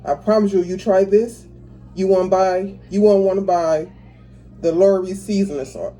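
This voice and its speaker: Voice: mid-range voice, fairly even intonation, moderate pace, mellow, a little hiss or hum, poor audio. A home cook casually talking viewers through a recipe step by step, in a chatty, easygoing way. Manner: chatty, talks viewers through each step, laughs easily. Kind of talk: casual cooking tutorial. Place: home kitchen.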